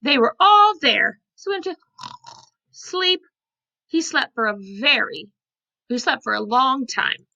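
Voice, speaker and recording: A woman preschool teacher reading a picture book aloud to young children, animated and often asking them questions, on a computer mic. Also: fairly high pitch, normal speed, gravelly. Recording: lo-fi computer recording.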